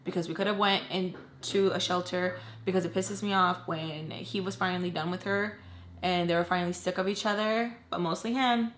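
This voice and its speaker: A young woman vlogger tells a personal story in a loose, conversational way. She swings between hushed, hurt moments and loud, animated bursts, with plenty of slang and cursing. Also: lowish voice, moderate pace, echoey room, a little hiss or hum. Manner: emotional, swings from quiet to loud. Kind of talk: casual storytime.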